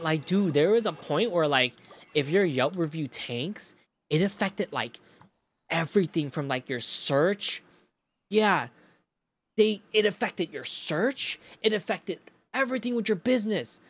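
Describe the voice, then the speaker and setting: Male streamer, casual rambling chat, lively swoops in pitch. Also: unhurried, faint music behind. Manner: animated storytelling, swears, rambling restarts.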